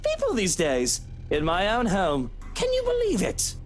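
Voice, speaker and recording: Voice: mid-range voice, wildly swooping pitch, unhurried, soft background music. Luke, a smug sarcastic villain. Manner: sarcastic, mock-friendly. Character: smug, menacing male villain, mansion owner.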